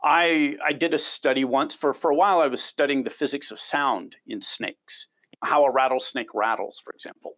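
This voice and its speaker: A man's voice: medium pitch, moderate pace, fairly bright tone. A middle-aged man, a biology researcher, answering interview questions as an enthusiastic storyteller who often repeats words when starting a sentence.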